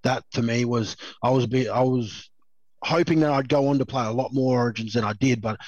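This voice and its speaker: A man's voice: mid-range voice, brisk, darkish tone, no room sound. An Australian man in his thirties, a former rugby league player telling stories as a guest in a casual chat, rambling with lots of fillers and laughs. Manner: rambling, laughs a lot, many fillers and restarts. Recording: slightly dull dry recording.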